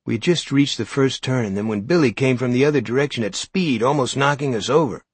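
A man narrating a story in the first person, in an even, measured storytelling manner. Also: mid-range voice, breathy edge, dry recording. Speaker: audiobook narrator.

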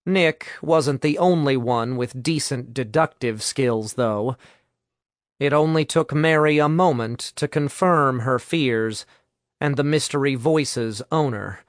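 Slow, measured male audiobook narrator. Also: mid-range voice, dry recording, studio quality.

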